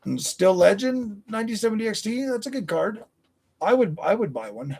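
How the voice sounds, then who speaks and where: A man's voice: high voice, animated, normal speed, creaky, darkish tone, slightly rough. A man in his forties chatting on a live stream, answering viewers in a blunt, combative, profane way. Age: 40s.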